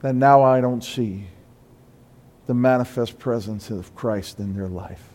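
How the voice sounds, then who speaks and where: A pastor preaching a sermon in a church, moving between quiet confession and loud, high-pitched exhortation. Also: male voice, unhurried, in a large hall, a little hiss or hum. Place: church sanctuary.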